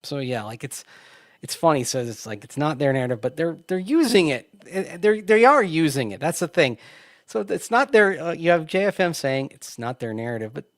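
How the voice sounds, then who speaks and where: A man's voice: a little high, animated, moderate pace, no echo, clean studio sound. Chatty male sports radio host. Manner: chatty, laughs often, restarts his sentences. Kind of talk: casual sports talk.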